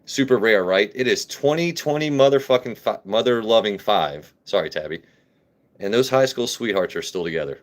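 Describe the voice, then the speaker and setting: A man's voice: fairly low pitch, lively intonation, normal speed. A man in his late thirties from Maryland, casually chatting and joking with viewers on a phone live stream, loose and profane. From Maryland, USA. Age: 30s.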